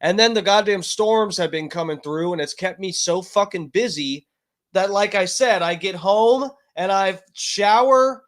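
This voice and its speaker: A man hosting a livestream from his home, with a voice that sits a bit higher than most men's. He talks in a loose, rambling way and swears a lot as he gets heated. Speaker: livestream host. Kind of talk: casual livestream rant.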